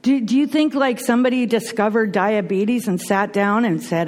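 A woman's voice: medium pitch, normal speed, hardly any pauses. A middle-aged woman speaking earnestly and animatedly as a speaker at a recovery meeting, with many restarts. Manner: earnest, animated, frequent restarts and you-knows. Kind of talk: personal testimony talk.

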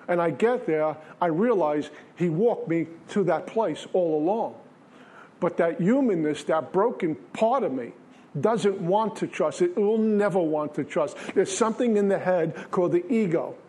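A man's voice: high voice, darkish tone. A man giving an earnest personal spiritual testimony at a recovery meeting, telling a story in plain everyday words.

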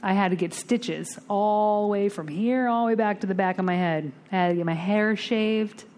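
A woman speaking at a twelve-step recovery meeting, telling a blunt, salty story with lively storytelling and acting out the other voices. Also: medium pitch, moderate pace. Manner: lively storytelling, acts out the voices in her tale; blunt and salty, casual swearing.

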